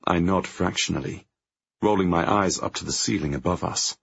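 Gravelly, husky man narrating an audiobook. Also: deep voice. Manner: tense, measured storytelling. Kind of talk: first-person audiobook narration. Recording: dry, dull lo-fi audio.

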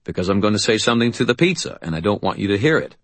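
A man playing a grown male hero who cracks jokes in a teasing, sardonic tone, his low, slightly husky voice lifting with emphasis. He sounds dry and close in the storybook reading. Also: animated, rapid-fire, no echo.

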